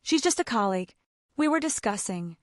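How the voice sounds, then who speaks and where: A woman's voice: a little high, big pitch swings, brisk, no echo, studio quality. A woman reading the lines of a tense, defensive adult husband in a storytime narration, pleading and evasive.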